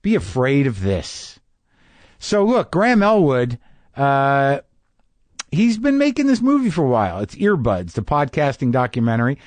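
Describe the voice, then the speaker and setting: A man's voice: medium pitch, huge pitch swings, normal speed, dry recording. Dry, rambling male podcast host. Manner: rambling, self-deprecating, with frequent restarts. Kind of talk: casual comedic monologue.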